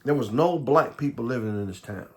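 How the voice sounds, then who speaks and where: Middle-aged Southern man recounting his own past, unscripted, stumbling and restarting, voice mid-pitched. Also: expressive, darkish tone. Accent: Southern American. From Southern United States. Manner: halting, repeats words, frequent restarts. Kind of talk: personal life story monologue.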